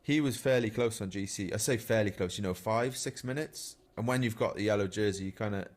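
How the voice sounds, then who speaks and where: A man's voice: fairly low pitch, a little fast, darkish tone. A man, a professional cyclist, telling race anecdotes in a casual podcast chat, chuckling now and then as he goes.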